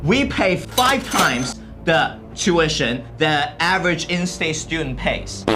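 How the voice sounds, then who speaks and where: A man's voice: on the high side, sing-song, takes it slowly, over music. A man from China, a native Chinese speaker, giving emphatic, opinionated commentary to the camera with rhetorical questions. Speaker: vlog co-host.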